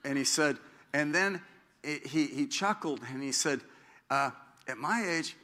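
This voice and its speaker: A man's voice: medium pitch, unhurried, pushed and bright. A middle-aged man preaching a conversational sermon as pastor. He rambles with self-deprecating asides and frequent restarts.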